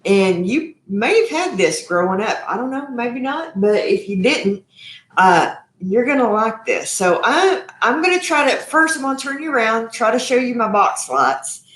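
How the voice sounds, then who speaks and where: A woman's voice: fairly high pitch, expressive, normal speed, fairly bright tone, echoey room. A woman hosting a live cooking stream from her home kitchen, chatty and effusive, calling her viewers y'all. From Texas. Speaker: cooking show host.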